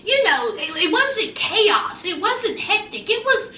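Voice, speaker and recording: Sassy high-voiced woman in an echoey room. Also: very animated, unhurried, bright, forceful tone, a little hiss or hum. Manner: chatty, sassy, calls listeners honey and child. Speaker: reality TV recap vlogger. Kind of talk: casual show recap. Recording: roomy echo, mic a bit distant.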